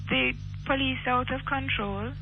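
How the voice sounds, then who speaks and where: A man's voice: very high voice, steady tone, a little slow, creaky, over music. A man appearing as an academic guest on a radio talk show, speaking articulately and earnestly with firm emphasis. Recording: dull lo-fi radio archive.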